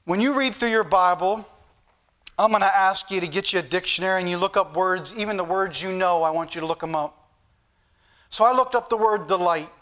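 A man preaching an evening sermon, teaching the congregation earnestly and slowing down to read scripture aloud. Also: sharp tone. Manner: slows down and rises in pitch when reading scripture aloud; earnest, repetitive teaching delivery.

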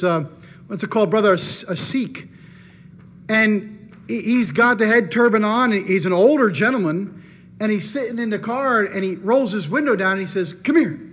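High-voiced preacher telling a lively story. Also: male voice. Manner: animated first-person anecdote, acting out his own thoughts. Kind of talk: storytelling in a sermon.

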